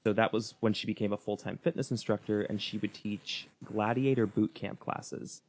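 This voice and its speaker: A man's voice: fairly low pitch, steady tone, normal speed, a little mellow. A young man co-hosting a true-crime podcast, chatting casually and laughing often as he tells stories. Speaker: podcast co-host.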